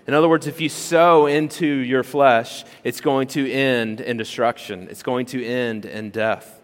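Guy preaching a sermon, chatty and animated, lots of "right?" questions, mid-pitched, long hall echo. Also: a little slow, clear, resonant tone. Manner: conversational and animated, full of rhetorical questions. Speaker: pastor. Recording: long reverb of a large hall.

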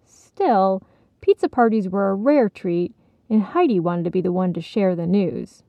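A woman narrating a children's storybook in a measured, gently expressive way, in a dull, dry recording. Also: mid-range voice, gravelly, no room sound.

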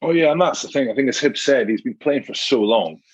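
Measured man, husky over a dull line. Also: medium pitch, expressive, no room sound. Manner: measured, reasoning aloud with repeats. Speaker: guest, rugby captain. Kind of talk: casual chat.

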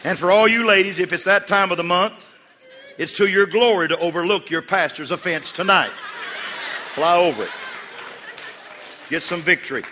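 A man preaching a sermon as pastor, moving between hushed storytelling and loud, emphatic calls to the congregation. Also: high-pitched, normal speed, pauses often, some chatter behind. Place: church sanctuary. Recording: long hall reverb.

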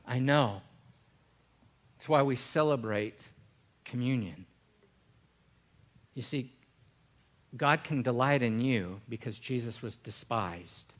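A male pastor preaching a sermon in church, swinging from loud, emphatic passages to a hushed, prayerful voice. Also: mid-range voice, takes it slowly, pauses often.

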